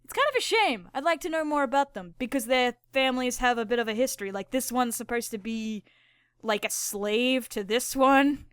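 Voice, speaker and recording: A woman rambles through casual commentary while she draws, swearing freely and breaking into giggles. Her voice sits a little high and comes across smooth and clear. The recording is dry and close, with no room sound. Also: animated, normal speed, fairly bright tone, no echo. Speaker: channel host.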